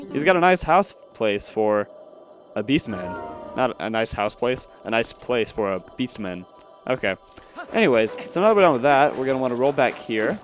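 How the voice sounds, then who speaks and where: A man doing post-recorded gameplay commentary, rambling and self-deprecating with plenty of fillers. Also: medium pitch. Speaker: let's play commentator.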